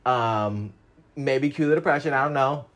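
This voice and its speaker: Speaking at normal speed, a young man runs through his personal story in a sassy, casual way. He curses freely, alternating between loud outbursts and quiet mutters.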